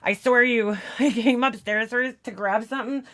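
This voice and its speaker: A woman's voice: a little high, fairly even intonation, moderate pace, fairly bright tone. A young woman chatting casually on a live stream, a bit out of breath, greeting viewers by name and swearing now and then.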